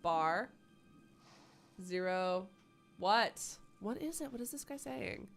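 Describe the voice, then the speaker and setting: A woman's voice: on the low side, expressive, unhurried, gravelly, soft background music. A woman live-streaming a game, with playful, sarcastic commentary and plenty of swearing. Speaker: gaming streamer.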